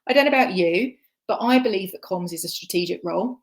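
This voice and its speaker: A woman's voice: mid-range voice, fast talker. A woman giving a conference presentation, chatty and self-deprecating, with frequent ums. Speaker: conference speaker. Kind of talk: presentation talk. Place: online conference session.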